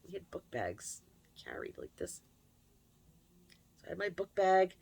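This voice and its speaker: A woman's voice: on the low side, huge pitch swings, unhurried, gravelly, a little mellow, husky. A woman host speaking candidly and emotionally in a confessional personal story, recorded at her computer. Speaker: channel host.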